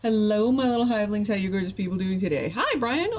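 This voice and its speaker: A woman's voice: mid-range voice, animated. A tired woman chatting playfully with her live-stream viewers as she gets ready to write. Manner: chatty and playful, quick to laugh. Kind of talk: casual live-stream chat.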